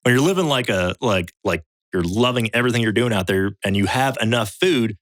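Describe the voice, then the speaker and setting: A man's voice: on the low side, a little fast, no room sound. A man, a podcast guest, telling a story in casual chat, acting out other people's lines and swearing freely. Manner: animated storyteller acting out quotes in raised voices. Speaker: podcast guest, survival show veteran.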